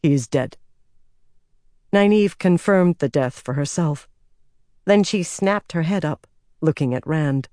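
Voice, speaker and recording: A man narrating a fantasy novel as an audiobook in an even, steady storytelling manner. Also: a little high, a little slow, no echo, clean studio sound.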